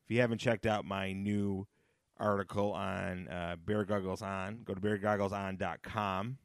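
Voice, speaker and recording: This solo podcast host's voice sits low, with a level tone and normal pace. He rambles in a chatty, casual way, laughing at his own jokes and repeating phrases to stress them. The recording is clean, studio-grade and free of echo.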